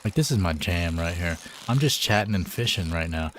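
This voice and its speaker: A man's voice: sits low, animated, a little fast, a bit bright, slight background noise. A man chatting casually on a live game stream, laid-back and joking, full of slang.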